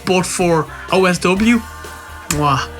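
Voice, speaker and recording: A man's voice: high-pitched, slow pace, fairly bright tone, faint music behind. A man co-hosting a casual review podcast, laughing through loose, sweary banter. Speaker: podcast co-host.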